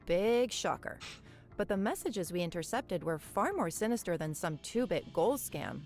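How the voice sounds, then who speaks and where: An actress voicing a sharp, dry-witted woman investigator in a video game, with a sarcastic, wry delivery. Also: on the low side, lively intonation, normal speed, soft background music.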